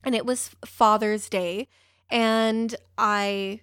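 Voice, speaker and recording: A woman's voice: mid-range voice, steady tone, drawn-out words, fairly bright tone, clean tone, no echo, studio quality. A young woman telling a personal story in a rambling, emotional way, with a few swear words.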